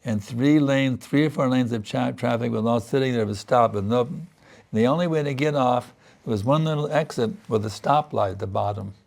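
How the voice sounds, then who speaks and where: Guy preaching a sermon, kinda gravelly, gets all earnest and pleading on the prayer bits. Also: mid-range voice, moderate pace, a little mellow. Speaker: spiritual teacher.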